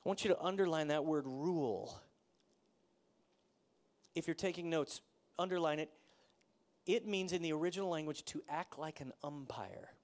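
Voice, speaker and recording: A pastor preaching a sermon in a conversational way, asking the congregation questions and acting out the people in the story. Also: male voice, a little high, normal speed, long pauses, darkish tone. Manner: conversational preaching, asks the audience questions, acts out quotes.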